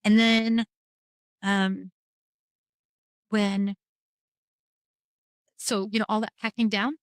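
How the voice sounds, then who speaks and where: A woman's voice: medium pitch, flat delivery, drawn-out words, smooth, dry recording. A middle-aged woman talking frankly and wryly about grief as a guest, telling her story with lots of quoted back-and-forth. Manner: frank, wry, rambling storytelling with quoted dialogue. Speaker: podcast guest. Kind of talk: candid conversation about grief.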